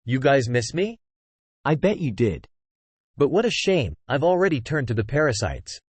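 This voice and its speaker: A man's voice: medium pitch, very animated, normal speed, breathy edge, dry recording. A man voicing a smug, taunting young man who craves attention, with a mocking, gloating delivery.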